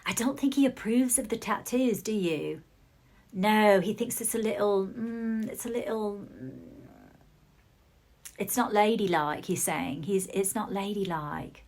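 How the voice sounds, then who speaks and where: A woman giving a channelled psychic reading, relaying messages in halting bursts with soft murmured asides. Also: medium pitch. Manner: hesitant, relaying what she hears in bursts. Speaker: psychic reader.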